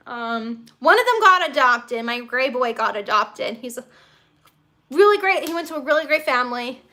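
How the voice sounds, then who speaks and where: Bright high-voiced woman chatting casually. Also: sing-song, normal speed. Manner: rambling, with many fillers and restarts. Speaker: host of a live stream. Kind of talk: casual live-stream chat. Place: at home with pet kittens.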